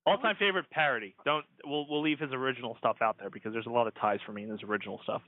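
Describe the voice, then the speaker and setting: A young man hosting a podcast, bantering and joking about himself in a relaxed way. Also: medium pitch, racing, no room sound. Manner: joking, self-mocking. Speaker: podcast host. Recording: tinny phone-like recording.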